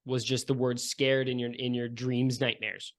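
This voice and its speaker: A man's voice: medium pitch, flat delivery, moderate pace. Rambling casual game master, man. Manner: loose, rambling with many fillers. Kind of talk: narrating a tabletop game.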